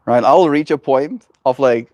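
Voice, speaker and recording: Male livestreamer, casual porch chat, rambling and gentle, dry close sound. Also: medium pitch, measured pace, no echo. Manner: rambling and gentle, heavy on fillers. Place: outdoors on a porch.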